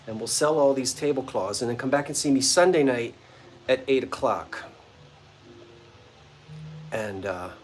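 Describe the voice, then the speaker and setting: A man's voice: mid-range voice, fairly bright tone, a little hiss or hum. A man hosting a casual livestream sale of vintage goods from his front porch, chatting playfully with viewers and greeting them by name. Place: front porch of an old bungalow.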